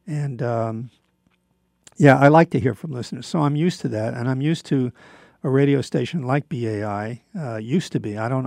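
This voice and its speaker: Older male radio host, gravelly voice, rambling chat with lots of ums, dry close sound. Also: mid-range voice, darkish tone, no echo. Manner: rambling, with many fillers and restarts. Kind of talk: casual monologue.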